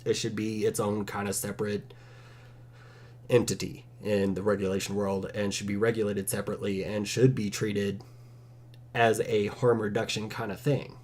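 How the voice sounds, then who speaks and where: Guy just rambling on his vlog, kinda low voice, mellow, sarcastic here and there. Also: flat delivery, normal speed. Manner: rambling, casual, sarcastic asides. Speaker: vape channel host.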